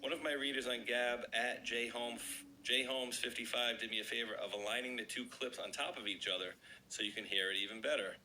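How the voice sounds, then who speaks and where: A man with a slightly raspy voice hosting an online video, chatting casually and reading an article aloud to his viewers. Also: medium pitch, fairly even intonation, a little fast, pushed and bright, a little hiss or hum, poor audio. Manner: chatty, addresses viewers as guys.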